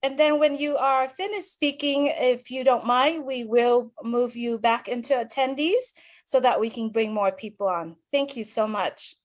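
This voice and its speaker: A woman moderating an online webinar, giving polite, halting instructions and thanking people often over a video call. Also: on the high side. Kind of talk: hosting an online meeting.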